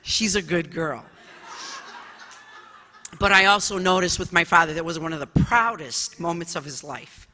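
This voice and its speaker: A middle-aged female judge from the US tells personal stories during a conference talk, loud and expressive with lots of fillers. Her lowish voice moves fairly quickly with hardly any pauses, echoing through a large conference hall.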